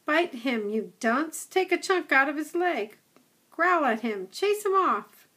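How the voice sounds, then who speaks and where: A woman voicing an old male setter dog who is gruff, blunt and a know-it-all. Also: high-pitched, animated, slow pace, pushed and bright, heavily acted. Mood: scoffing. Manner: blunt, scoffing, chatty.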